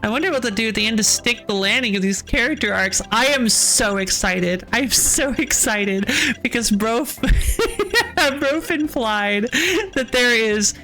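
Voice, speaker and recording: A woman's voice: a little high, animated, unhurried, sharp tone, faint music behind. A woman streamer chatting casually while playing, ranting with frequent laughs and sighs. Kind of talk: casual game stream chat.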